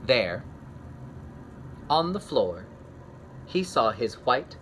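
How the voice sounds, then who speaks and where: A man reading a children's picture book aloud, gentle and expressive, talking kindly to young listeners. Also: mid-range voice, takes it slowly, pauses often, a little hiss or hum. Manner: gentle, warm-hearted and expressive, talks to kids. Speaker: children's story reader.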